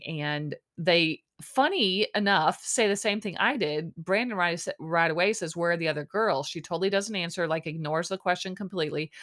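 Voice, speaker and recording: A woman with a slightly low voice hosts a casual podcast recap. She sounds exasperated and sarcastic, talking loosely with many fillers and little mock quotes. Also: a bit bright. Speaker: podcast host.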